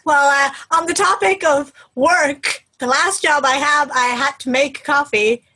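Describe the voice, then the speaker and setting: A young woman co-hosting a podcast in casual chat, laughing often and trailing off softly at the ends of lines. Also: high voice, fairly even intonation, a little slow, poor audio. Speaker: podcast co-host.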